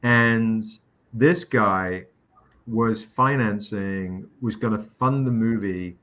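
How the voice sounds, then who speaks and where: A man hosting a livestream, telling a story with lively quoted voices. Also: fairly low pitch, slow. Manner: animated anecdote with quoted voices. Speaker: comic publisher hosting a livestream. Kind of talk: casual storytelling chat.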